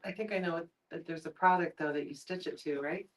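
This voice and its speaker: A woman co-hosting a casual live quilting product show, adding short agreeable remarks and slow explanations. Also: deep voice.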